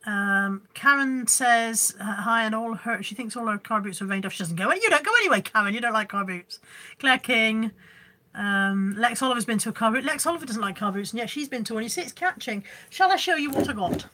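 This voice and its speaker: Speaking briskly with an animated, slightly high and forceful brightness, this reseller host streams live from her home using her phone camera. Her chatter wanders as she talks with viewers and reads out what they comment.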